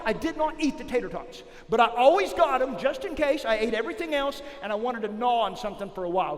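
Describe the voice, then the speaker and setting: A man giving an energetic youth camp sermon, swinging from loud calls to the crowd to hushed whispers as he tells a story. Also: very high voice, in a large hall.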